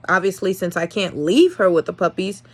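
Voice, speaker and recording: A young woman breeder telling a casual vlog story in an animated, exasperated way, swinging between loud and soft. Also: lowish voice, a little fast, husky. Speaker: dog breeder.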